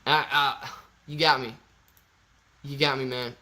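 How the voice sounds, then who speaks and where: A man hosting a casual livestream, reading viewer super chats aloud in a slangy, excitable way with sudden loud bursts. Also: mid-range voice, measured pace. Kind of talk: casual live-stream chat.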